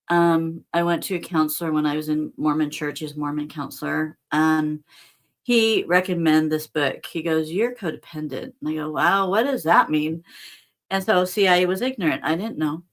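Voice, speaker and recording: Earnest, low-voiced woman spiritual teacher. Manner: earnest, conversational, addresses listeners directly. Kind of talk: casual spiritual talk.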